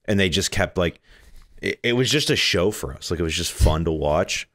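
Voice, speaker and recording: Brief: man, very low voice, halting casual podcast chatter, dry sound. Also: animated, a bit bright, no room sound. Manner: hesitant, full of "like" fillers. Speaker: podcast co-host. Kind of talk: casual chat.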